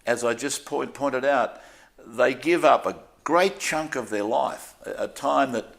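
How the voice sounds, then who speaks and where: Relaxed in an interview, this older Australian sports broadcaster shares stories with candor and a self-deprecating streak. He speaks unhurriedly at a medium pitch, with some vocal fry.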